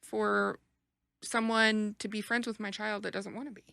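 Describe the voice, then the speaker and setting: A woman chats casually on a podcast with a bright, gravelly voice. She states her views firmly and often chimes in to agree. The sound is close and dry. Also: medium pitch, level tone, moderate pace, no room sound. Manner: firm, agreeable, frequent affirmations. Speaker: podcast guest. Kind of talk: casual chat.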